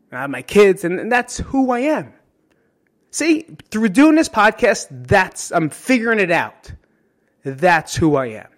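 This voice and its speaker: A New Jersey man with a slightly high voice hosts a solo podcast monologue. He's candid and emotional, swears freely, and caps his points with "right?".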